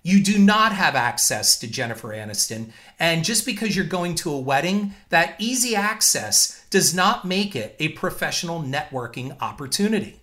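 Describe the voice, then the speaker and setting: A man hosts his own show and recounts run-ins from his career in an emphatic monologue. His voice sits a little high and comes across bright and forceful. He stays firm and indignant, setting out his points in numbered order. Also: lively intonation, moderate pace, hardly any pauses. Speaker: filmmaker and show host. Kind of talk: storytelling monologue.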